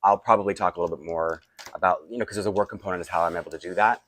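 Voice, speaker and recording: A man's voice: deep voice, fairly even intonation, very fast, a bit bright. A tired, groggy man, chatting casually and rambling with asides while unboxing toys for his vlog. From Canada. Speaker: toy collector vlogger.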